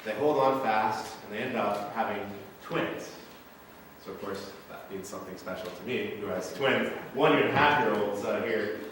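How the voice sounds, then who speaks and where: A man's voice: lowish voice, moderate pace, far from the mic. A Midwestern American man in his thirties preaching from the pulpit, a pastor who tells stories with energy and acts out the lines. His voice carries through a very echoey church sanctuary, picked up from a few steps back, with faint room noise underneath. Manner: animated storytelling, acting out movie quotes. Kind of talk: sermon.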